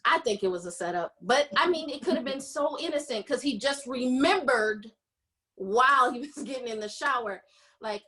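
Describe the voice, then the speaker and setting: A woman hosts a podcast and walks through a romance story in a casual, chatty way. Her voice sits a little high, and she slips into the characters' lines as she tells it. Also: animated, moderate pace, sharp tone. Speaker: podcast host. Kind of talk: casual book recap chat.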